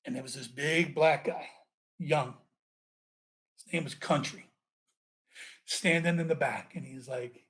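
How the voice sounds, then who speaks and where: A man, a former police officer, telling his story as a podcast guest in a profane, animated way. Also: a little high. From United States.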